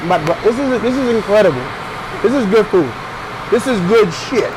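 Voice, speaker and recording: A man's voice: sits high, expressive, normal speed. A man hosting a casual food review vlog. He talks bluntly and with lots of slang, giving opinions on each dish. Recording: noisy outdoor street sound.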